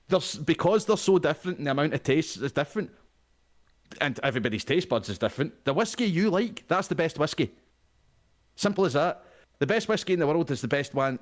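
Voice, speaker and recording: A man with a Scottish accent, a player chatting casually at a tabletop game and ranting with plenty of profanity. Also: on the high side. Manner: profane, animated ranting with laughter.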